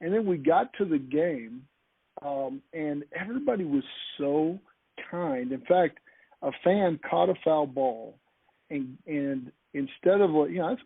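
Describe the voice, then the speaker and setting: A man with a somewhat high, husky voice tells a story with eager energy, stopping and restarting his sentences. He is heard over a thin, phone-like call line with a dry sound. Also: lively intonation, measured pace, dry recording. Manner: enthusiastic, with frequent restarts. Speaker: podcast speaker. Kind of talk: animated anecdotal storytelling. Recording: tinny phone-like call audio.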